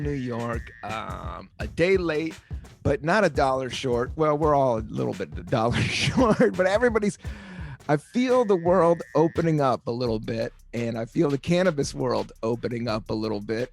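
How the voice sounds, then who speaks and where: A man's voice: mid-range voice, vocal fry. A man hosting his own podcast, talking casually in a laid-back, rambling way that jumps between topics and sometimes turns playfully sing-song. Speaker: podcast host and comedian. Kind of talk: casual solo podcast monologue.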